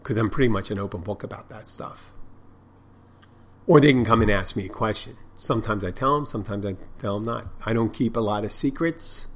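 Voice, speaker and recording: A man's voice: fairly low pitch, fairly quick. A man who tends bar and hosts a podcast, telling stories in a rambling, profane, casual monologue with many restarts. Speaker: bartender and podcast host.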